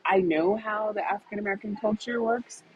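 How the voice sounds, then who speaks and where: Co-host, casual storyteller, mid pitch, laughs often, faint hiss. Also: quick pace, muffled recording. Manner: chatty, laughs often, acts out dialogue.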